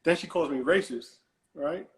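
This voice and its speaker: Male caller, higher voice, rambling storyteller, roomy echo on the line. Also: moderate pace. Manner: rambling, repeats and restarts words, dismissive "whatever". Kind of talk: animated storytelling on a call-in show.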